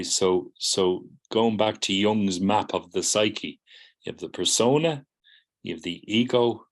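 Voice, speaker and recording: A middle-aged man with a fairly low voice lectures a class of therapy students. He explains step by step, slips into the voices of the people in his examples, and keeps checking in with "do you see?". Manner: acts out students' replies in quoted voices. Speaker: psychotherapy teacher.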